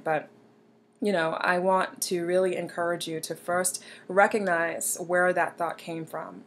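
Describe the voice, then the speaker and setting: A woman's voice: lowish voice, a little hiss or hum. A young woman giving earnest, encouraging self-help advice and speaking directly to the viewer. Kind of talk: motivational advice talk.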